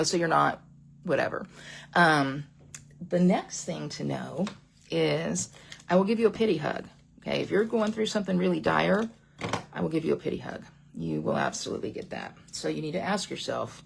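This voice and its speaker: A woman's voice: on the low side, gravelly, a little hiss or hum. A woman in her fifties teaching a live card-making class, chatty, repeating her phrases and answering viewer comments. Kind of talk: live crafting class with chat.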